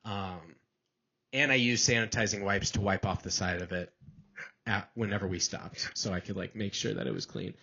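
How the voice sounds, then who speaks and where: A man's voice: lowish voice, normal speed, creaky, sharp tone, breathy edge, highs cut off. A young man on a podcast, telling a long embarrassing story in a rambling, self-deprecating way. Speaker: podcast co-host. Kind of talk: casual chat, telling a story.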